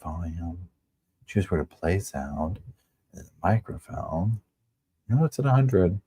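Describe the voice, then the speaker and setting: A man hosting a casual livestream, chatting to viewers in a quiet, hushed voice at home on a wireless microphone. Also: low voice, expressive, takes it slowly, slightly rough. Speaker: livestream host. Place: at home with neighbors next door.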